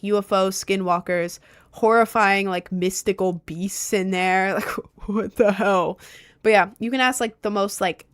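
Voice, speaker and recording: A woman's voice: mid-range voice, a bit bright, clean tone. A young woman from rural Maryland with a faint Southern lilt, chatting casually on a stream and answering questions from chat as they come in. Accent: slight Southern lilt on some words. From rural Maryland, United States. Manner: rambling, chatty, with frequent fillers and laughs.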